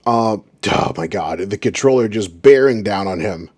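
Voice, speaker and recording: A man's voice: fairly low pitch, lively intonation, moderate pace, a little mellow. A man hosting a review of radio recordings, giving sarcastic, exasperated commentary.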